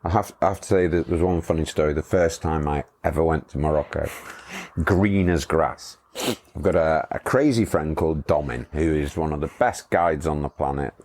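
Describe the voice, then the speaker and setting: A man's voice: rumbling low, fairly even intonation, moderate pace, darkish tone. A middle-aged man, a motorcycle tour company owner, telling rambling anecdotes in a casual interview, chuckling as he goes.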